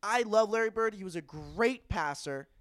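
A man's voice: high voice, animated, normal speed, a bit bright, clear, resonant tone, no echo, studio quality. A man co-hosting a podcast, chatting about sports in an enthusiastic, emphatic way, often restarting his sentences. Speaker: podcast co-host. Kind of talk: casual sports chat.

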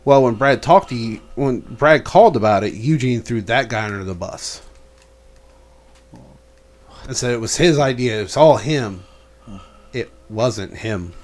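A man's voice: medium pitch, darkish tone. A man co-hosting a podcast, talking casually and bluntly, heavy on swearing as he vents about his job. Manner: blunt and profane, venting about work. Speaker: podcast co-host. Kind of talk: casual chat.

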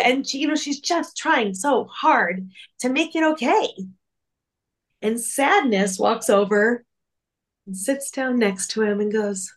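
A woman's voice: a little high, slow pace. A woman co-hosting a faith-based podcast, talking earnestly and reflectively with many fillers. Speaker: podcast co-host.

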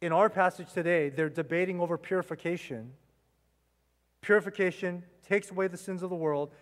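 Preaching in a church sanctuary through a mic, this pastor speaks briskly with a high-sitting voice and fairly even intonation, and the room sounds big. His sermon is emphatic, with repeated phrases and rhetorical questions aimed at the congregation.

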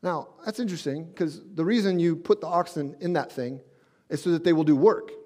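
A man preaching a sermon as pastor in a conversational way, dropping soft and slow when he quotes scripture. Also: on the high side.

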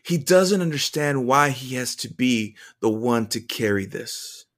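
A man reading his own journal entry aloud to viewers, earnest and emotional, with halting restarts. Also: medium pitch, lively intonation. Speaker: vlogger.

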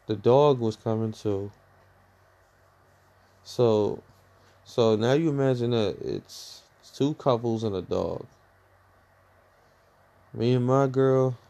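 A young man telling a personal story in a rambling, profane, animated way, full of fillers. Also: on the low side, vocal fry. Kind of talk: casual storytime rant.

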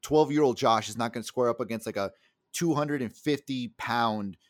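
A man's voice: mid-range voice, moderate pace, no room sound, studio quality. A young man from the El Paso area, co-hosting a casual podcast and telling a story in a heated, profane way. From El Paso area, USA. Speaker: podcast co-host.

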